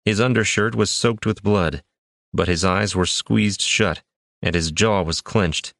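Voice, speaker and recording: A man with a very low voice reads a fantasy adventure aloud. His delivery is measured and dramatic, and the sound is close and dry with no room around it. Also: gravelly, fairly bright tone, no room sound. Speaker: audiobook narrator. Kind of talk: scripted fantasy narration.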